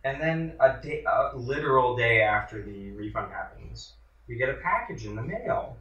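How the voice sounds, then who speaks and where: A man's voice: mid-range voice, lively intonation, normal speed, pushed and bright, roomy sound, distant mic, highs cut off. A man hosting a casual chat while playing a video game, joking and chatty, trailing off with fillers. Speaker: host. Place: indoors at home in an apartment.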